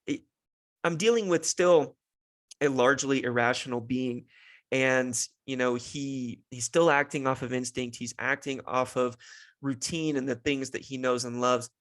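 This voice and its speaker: A young man talks through his parenting thoughts on his own podcast, earnest and reflective. His voice sits at an ordinary middle pitch and he leans on casual fillers. The sound is dry and close, with no room around it. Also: fairly even intonation, unhurried, a bit bright, no echo. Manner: earnest, thoughtful, many "you know" fillers. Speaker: podcast host, father. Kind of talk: reflective solo podcast monologue.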